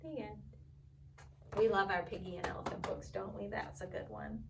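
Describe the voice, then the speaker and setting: A woman librarian at storytime, gently reading a picture book and asking the children questions. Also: medium pitch, fairly even intonation, moderate pace, creaky, far from the mic, noisy background.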